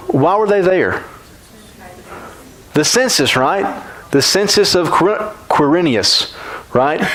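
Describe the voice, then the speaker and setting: A man's voice: fairly high pitch, a bit bright, rough recording. Man teaching a church Bible class. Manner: conversational, keeps asking "right?".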